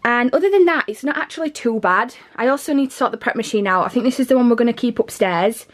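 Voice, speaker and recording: A woman's voice: fairly high pitch, fast. A young pregnant woman, chatting casually in a home vlog, rambling and out of breath. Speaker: vlogger. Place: home living room and nursery, indoors.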